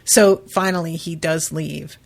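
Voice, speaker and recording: A woman's voice: low voice, steady tone, measured pace, creaky. A woman hosting a podcast, recapping a book in a loose, chatty way with lots of fillers and casual swearing. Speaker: podcast host.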